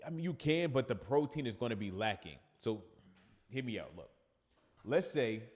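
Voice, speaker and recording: A man's voice: medium pitch, lively intonation, normal speed, big-room sound. A man with a New York accent, a fitness coach chatting casually on a livestream and reading viewer comments aloud.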